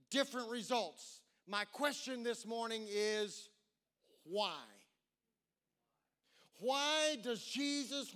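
A male pastor preaching a sermon in a dramatic way, repeating words and drawing out key phrases slowly. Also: very high voice, sharp tone.

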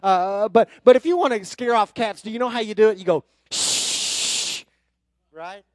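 A man preaching a sermon from the pulpit, emphatic and building into forceful runs. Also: sits high, brisk, dry recording. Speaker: pastor.

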